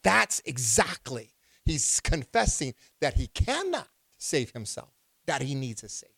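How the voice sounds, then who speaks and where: A man preaching a sermon. His voice sits at a middle pitch and swings up into loud, emphatic bursts as he quizzes the congregation. The recording is dry and close. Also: huge pitch swings, normal speed, creaky, no room sound. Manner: preaching with rising, emphatic outbursts and questions to the congregation. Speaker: pastor.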